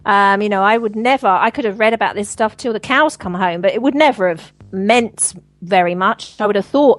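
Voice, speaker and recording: A woman's voice: medium pitch, brisk, few pauses, dry recording, low-quality recording. A woman guest on a spiritual talk show, speaking earnestly and at length with frequent fillers and laughs. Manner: earnest, rambling, laughs often. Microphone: radio show line.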